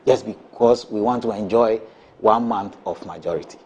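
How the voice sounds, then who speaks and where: A man's voice: lowish voice, moderate pace, a little mellow, husky. Emphatic man arguing on air. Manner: emphatic, repeats points, rhetorical questions. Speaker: political panelist. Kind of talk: morning show debate. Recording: dull lo-fi broadcast sound.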